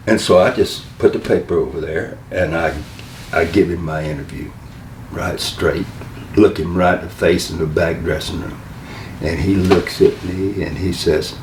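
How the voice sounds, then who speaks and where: An older man, a wrestling manager, telling stories in an interview, halting and rambling and acting out the voices of the people he quotes. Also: low voice, sing-song. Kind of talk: storytelling interview. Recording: roomy room, mic a little far, faint noise.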